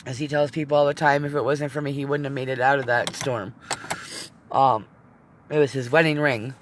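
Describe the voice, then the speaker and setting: A middle-aged woman vlogs live from inside her van, her voice extremely low in pitch, steady in tone, and brisk. She rambles through the casual chat, turning emotional and teary at times and swearing now and then. Slight background noise can be heard.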